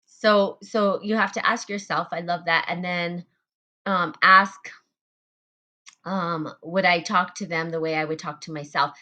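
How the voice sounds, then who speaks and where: A woman's voice: lowish voice, steady tone, a little slow, bright, forceful tone. A woman hosting a spiritual group talk, speaking earnestly about self-love, repeating phrases and using fillers. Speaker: podcast host.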